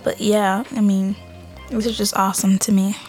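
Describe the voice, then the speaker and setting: A young woman hosting her own podcast, chatting loosely with lots of fillers and restarts and often dropping into a soft whisper. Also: medium pitch, flat delivery, normal speed, faint music behind. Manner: rambling, many fillers and restarts. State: out of breath. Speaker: podcast host. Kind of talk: casual solo podcast chat.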